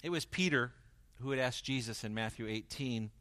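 Male pastor delivering a sermon, animated and shifting from loud to hushed, performs quoted voices, dry close recording. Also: medium pitch, normal speed, dry recording. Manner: animated preaching, swings from loud emphasis to quiet intensity; acts out quoted dialogue in varied voices.

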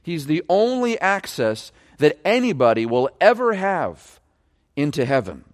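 A man's voice: big pitch swings, unhurried. A man preaching a sermon, emphatic and stressing key words as he explains a passage. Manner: emphatic, varies pitch widely for stress. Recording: long reverb of a large hall.

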